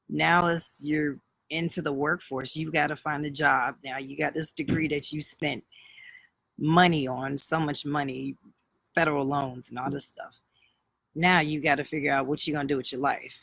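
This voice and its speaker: A man's voice: on the high side, gravelly, pushed and bright, no echo, rough recording. A man around thirty talking candidly on a live video, rambling through a personal story with many fillers and restarts. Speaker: livestream host.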